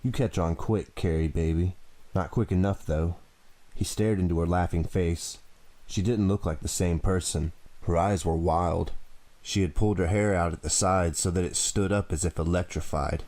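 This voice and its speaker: A man reading a teen thriller audiobook in steady, measured narration. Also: sits low. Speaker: audiobook reader. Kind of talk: scripted narration.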